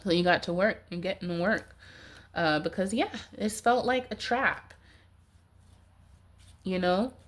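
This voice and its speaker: A woman with a stuffy, nasal voice giving a casual tarot reading, rambling with many "like"s. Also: mid-range voice. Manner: rambling, heavy use of "like". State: stuffy nose, congested. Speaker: tarot reader.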